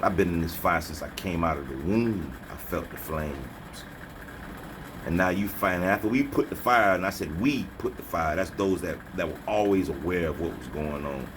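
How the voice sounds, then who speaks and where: A man's voice: low voice, normal speed, noisy background. A man delivering a preachy motivational rant as a spiritual vlogger, scolding and taunting his listeners with repeated slogans. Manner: repeats slogans, mocking laughter.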